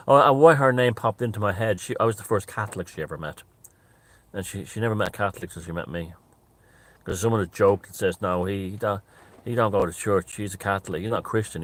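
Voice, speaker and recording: A man telling a rambling story in casual talk, repeating phrases and restarting often. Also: on the low side. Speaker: author and storyteller.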